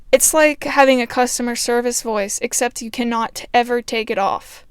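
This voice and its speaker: A woman speaking in a naturally flat, even tone, earnest and explanatory in a casual solo monologue. Her voice sits a little high and sounds smooth and clear, recorded close in a dry space. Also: moderate pace, dry recording. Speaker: podcaster.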